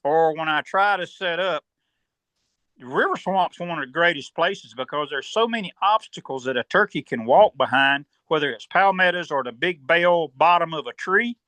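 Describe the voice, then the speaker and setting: A man with a Southern US accent, calmly explaining turkey hunting step by step as a podcast guest and often clearing his throat. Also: on the high side, normal speed, dry recording. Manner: steady, instructive, step-by-step.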